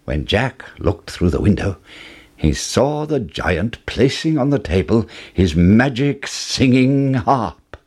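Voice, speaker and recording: A man narrating a children's fairy tale in an expressive reading voice. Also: medium pitch, slow, husky. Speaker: storyteller.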